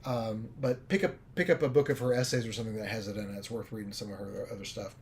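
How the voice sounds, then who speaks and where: On a livestream, a film director tells a story casually, rambling and animated with plenty of fillers. His voice is lowish and quick, with a little hiss or hum in the audio.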